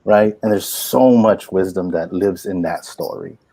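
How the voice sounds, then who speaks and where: A man in his forties, a poet and workshop teacher, telling stories in an animated, folksy way full of "like" and "you know". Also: low voice, unhurried, dry recording. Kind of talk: inspirational storytelling talk.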